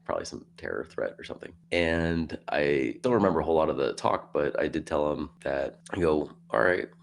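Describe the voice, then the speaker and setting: A man with an extremely low voice and a gravelly fry tells a story on a podcast. He chats casually, acts out what people said, and clears his throat now and then. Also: fairly quick, a little hiss or hum. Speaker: podcast guest.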